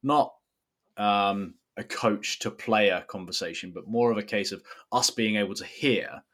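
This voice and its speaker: Low-voiced man, wry podcast co-host. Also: a little slow, a bit bright. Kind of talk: casual chat. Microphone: remote call mic.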